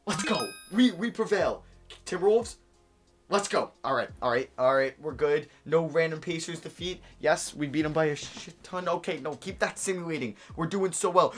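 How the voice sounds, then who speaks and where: A young adult video game creator giving excited gameplay commentary, pleading and cheering at the screen. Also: medium pitch, normal speed, soft background music.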